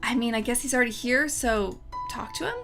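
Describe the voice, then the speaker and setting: A woman's voice: on the high side, a little fast, creaky, a bit bright, soft background music. A young woman hosting a let's play, reading game text and giving chatty, sarcastic commentary. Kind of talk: casual gameplay commentary.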